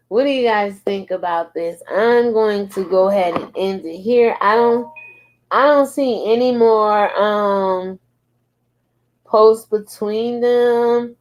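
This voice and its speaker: This mid-range, somewhat dark-toned woman runs a casual commentary channel. She reads posts aloud at a slow, drawling pace, laughing often in response.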